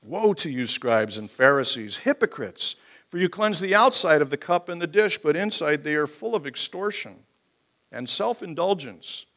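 Booming preacher man reading scripture. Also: big pitch swings, moderate pace. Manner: booming scripture reading, softening into emotional asides. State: choked up. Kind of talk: sermon.

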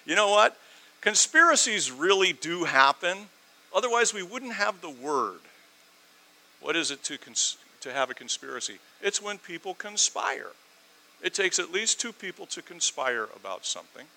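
A man preaching a sermon, animated, swinging from loud emphatic lines to quiet asides, with sarcastic rhetorical questions. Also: sits high, normal speed, low-quality recording.

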